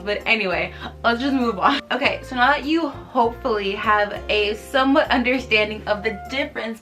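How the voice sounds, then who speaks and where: A woman's voice: fairly high pitch, sharp tone. A woman in her twenties with a Californian accent, chatting casually to camera about learning a language, giggly and self-mocking. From United States. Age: 20s.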